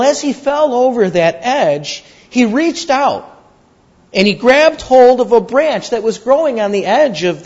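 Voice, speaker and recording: Slow, lively-voiced male preacher. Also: high voice. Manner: measured, repetitive, earnest. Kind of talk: sermon with storytelling. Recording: dull lo-fi recording.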